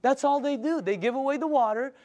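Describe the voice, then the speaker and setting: High-voiced older man giving an emphatic sales pitch. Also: fairly quick, a little mellow. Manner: enthusiastic, storytelling, emphatic. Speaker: sales presenter.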